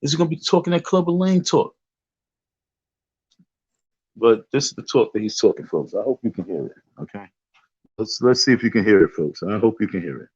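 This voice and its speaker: Speaking fairly quickly but pausing often, a middle-aged man with a lowish, husky voice delivers excitable, profane reaction commentary as a vlogger. He keeps restarting his sentences in street talk, and the dull audio has no echo.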